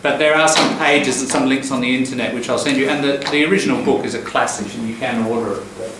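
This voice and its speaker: Speaking quickly in a mid-range voice, a man leads a laid-back English lesson, explaining pronunciation patterns and saying phrases again to demonstrate. The mic sits far from him in a highly reverberant classroom, with a faint hiss audible.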